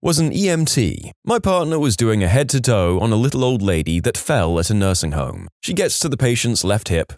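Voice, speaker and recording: A man's voice: fairly low pitch, no echo. Guy narrating reddit stories, bouncy up and down delivery, super dry close mic. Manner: lively, wry storytelling with quoted voices. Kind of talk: reading reddit stories aloud.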